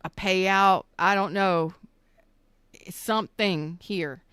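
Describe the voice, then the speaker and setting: A woman reading tarot on a live stream, emotional and choked up, talking slowly and soothingly with halting pauses. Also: medium pitch, steady tone, fairly bright tone, clear, resonant tone, no room sound. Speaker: tarot reader.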